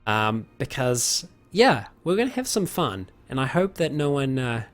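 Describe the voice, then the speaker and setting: Answering viewers' questions on a live stream, this man talks in a rambling way, full of fillers, restarts and frequent chuckles. His medium-pitched voice is sing-song and a little slow.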